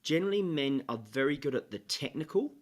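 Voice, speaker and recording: A man, a sales trainer, talking as a podcast guest in a measured, explanatory way with frequent fillers. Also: fairly high pitch, lively intonation. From England. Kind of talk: interview conversation.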